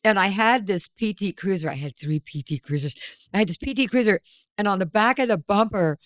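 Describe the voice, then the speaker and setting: A woman's voice: mid-range voice, animated, a little fast, no room sound. A woman from South Carolina hosting a podcast, telling stories casually, swearing freely and acting out quotes. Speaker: podcast host. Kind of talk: casual storytelling chat. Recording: dry close-miked studio sound.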